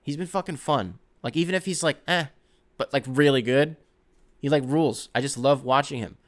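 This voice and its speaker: A young man hosting a sports podcast, rambling and excitable, swearing freely in casual chat. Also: medium pitch, moderate pace. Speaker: podcast host.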